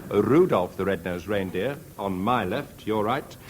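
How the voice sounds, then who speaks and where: A man chairing a radio comedy panel game before a live audience, with a brisk, wry delivery. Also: on the low side. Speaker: quiz chairman. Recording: 1970s radio recording, audience noise.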